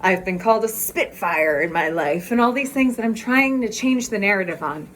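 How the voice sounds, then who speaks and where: A woman's voice: mid-range voice, animated, moderate pace, fairly bright tone, a little hiss or hum. A woman vlogger chatting candidly in a casual walk-and-talk video, talking outdoors as she walks.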